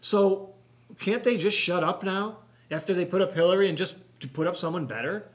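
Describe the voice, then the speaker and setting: A man's voice: high voice, moderate pace. A man co-hosting a political talk show, exasperated and pleading. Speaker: show co-host. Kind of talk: political commentary chat.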